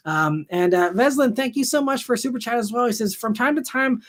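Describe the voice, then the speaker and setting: A young adult man hosting a live car chat, reading and answering viewer questions in a relaxed, rambling way full of ums and restarts. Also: very high voice, fast. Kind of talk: casual live-stream chat.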